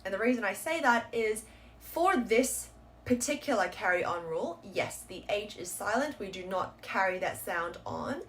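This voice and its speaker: A woman teaching a pronunciation lesson, explaining patiently and sounding out model words slowly and clearly. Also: mid-range voice, animated, a little hiss or hum. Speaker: Korean language teacher.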